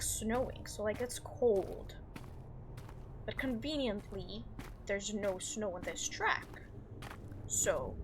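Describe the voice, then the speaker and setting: A woman's voice: sits high, a bit bright. A woman playing a horror game on her channel, chatty, sarcastic and jumpy. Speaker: gaming youtuber. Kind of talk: horror game let's play. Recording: noisy background.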